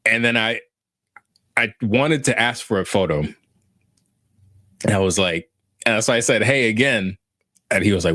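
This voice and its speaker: A man in his thirties telling a story casually on a podcast, animated and self-mocking, laughing as he goes. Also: mid-range voice, moderate pace, long pauses, no echo, studio quality. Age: 30s. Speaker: podcast host.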